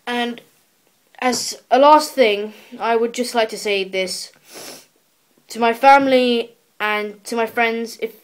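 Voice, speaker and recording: Earnest teen girl vlogging. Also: medium pitch. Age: teenager. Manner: earnest and emotional, pleading, often pausing and restarting. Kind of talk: personal video diary. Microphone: handheld camera.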